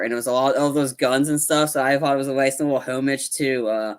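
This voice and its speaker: A man's voice: medium pitch, normal speed, hardly any pauses, clear, resonant tone. A man co-hosting a podcast, chatting casually about a film, rambling with many restarts and acting out lines from scenes. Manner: rambling, acts out film lines in animated bursts. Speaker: podcast co-host. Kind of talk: casual movie review chat.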